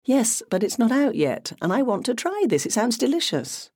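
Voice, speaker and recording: A narrator doing a calm woman detective. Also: mid-range voice, normal speed, no echo, studio quality, pitched above the performer's own voice. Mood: fond. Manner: relaxed, absent-minded replies.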